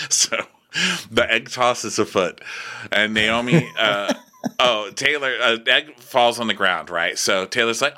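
A man co-hosting a podcast, recapping in an animated, swearing, laughing casual chat. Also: on the low side, takes it slowly. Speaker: podcast co-host.

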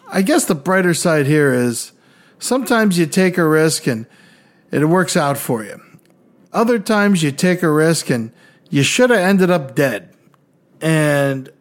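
Fairly high-voiced man telling wild stories. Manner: animated, profane, mimics other people's voices. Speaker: podcast co-host. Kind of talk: casual storytelling.

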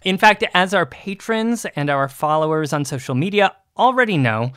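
A man's voice: a little high, expressive, moderate pace, a bit bright, smooth, dry recording, clean studio sound. Upbeat man co-hosting a podcast. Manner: upbeat, eager, friendly banter. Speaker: podcast co-host. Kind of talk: casual podcast chat.

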